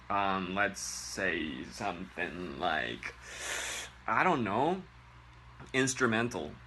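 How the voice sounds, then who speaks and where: A man from Japan hosts a comedic Japanese lesson in a bright, sharp voice that swings widely up and down in pitch. He is animated and profane, and he mocks clumsy pronunciation with exaggerated impressions. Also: a little hiss or hum. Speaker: Japanese language teacher. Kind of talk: comedic online language lesson.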